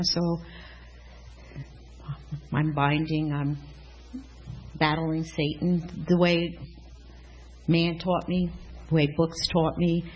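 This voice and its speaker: A woman's voice: fairly low pitch, a little mellow, muffled recording. A woman giving a casual spoken testimony in a church class, rambling and earnest with many restarts.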